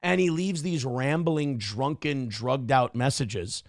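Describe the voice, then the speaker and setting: A man hosting a comedy talk show, reacting to clips with sarcastic, profane commentary and animated storytelling. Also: mid-range voice, takes it slowly, no room sound, clean studio sound. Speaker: morning show host.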